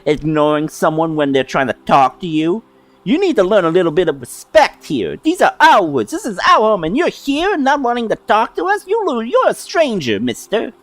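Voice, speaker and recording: A tiny fairy child with a shrill, pouty voice that leaps very high and swings widely, bossy and nagging, as a man puts her on. The voice darts up and down in wild jumps. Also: huge pitch swings, normal speed, no echo. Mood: scolding.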